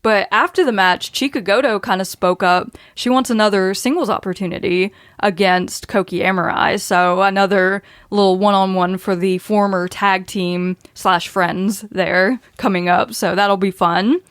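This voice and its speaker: A woman's voice: medium pitch, fairly even intonation, normal speed, few pauses, a bit bright, clear, resonant tone, dry recording, studio quality. Chatty woman recapping match results. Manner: reads match results, laughs often. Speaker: podcast host. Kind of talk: casual podcast recap.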